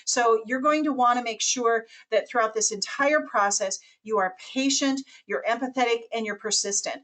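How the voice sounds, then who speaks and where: A woman presenting over a webinar call, her voice sitting a bit high for a woman. She talks with animated energy and slips into quick character voices when she quotes people. Her delivery is confident and instructional.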